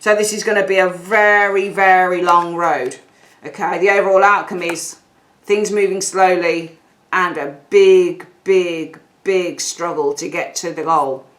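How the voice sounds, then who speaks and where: A woman's voice: lowish voice, fairly even intonation, measured pace, fairly bright tone. A woman giving a tarot reading, talking straight to her viewers in a chatty, direct way and repeating phrases for emphasis. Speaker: tarot reader.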